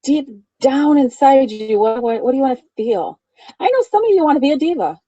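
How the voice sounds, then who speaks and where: Emphatic swearing woman, dark muffled sound. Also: high-pitched, sing-song, a little fast, dry recording. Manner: emphatic, swears freely, laughs often. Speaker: spiritual coach. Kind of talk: motivational talk to camera.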